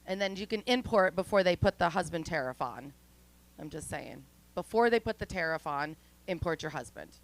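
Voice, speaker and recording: A woman in her forties doing a stand-up comedy set, chatty and self-mocking, with deadpan throwaway asides. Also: lowish voice, normal speed, rough recording. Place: outdoor studio stage.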